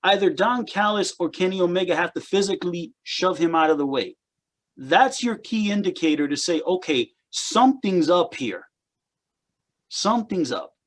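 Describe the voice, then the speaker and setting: A man's voice: high voice, normal speed. A man co-hosting a casual wrestling chat podcast, rambling and repeating words as he picks apart what he watched. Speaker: podcast co-host.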